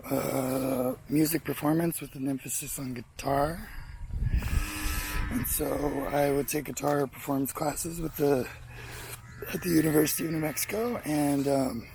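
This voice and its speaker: Young male vlogger, gravelly and a touch high, profane and rambling storyteller. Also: a little hiss or hum, rough recording. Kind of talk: casual storytelling vlog.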